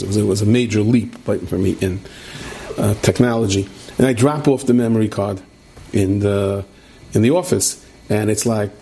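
Husky and medium-pitched, a middle-aged man leads a Torah class as an animated storyteller, stopping to put questions to his listeners.

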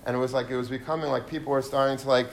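A man's voice: mid-range voice, racing, slight background noise. An adult man giving a sermon, telling stories with lots of Yiddish and Hebrew terms mixed in. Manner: lively storyteller mixing in Yiddish and Hebrew terms. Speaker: Torah speaker. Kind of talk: sermon with storytelling.

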